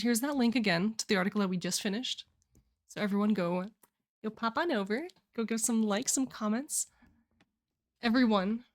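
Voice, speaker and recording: Gushing, rambling young woman streamer. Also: medium pitch. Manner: gushing, rambling, many filler "like"s and restarts. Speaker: livestream host. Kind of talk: casual chat reading viewer submissions on a livestream.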